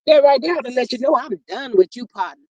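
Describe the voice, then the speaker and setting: A livestream host in a casual gossip chat, reading out viewers' comments and reacting in a sassy, animated way, often saying "child". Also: sits high, fairly quick, dry recording, dull audio.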